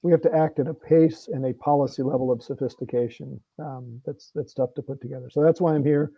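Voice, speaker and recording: A man's voice: medium pitch, fairly even intonation, brisk, vocal fry, mellow, slightly rough, no echo, highs cut off. A middle-aged man, a congressman, talking earnestly and plainly with frequent restarts at a virtual meeting. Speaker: congressman guest. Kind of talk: conversational talk at a virtual meeting.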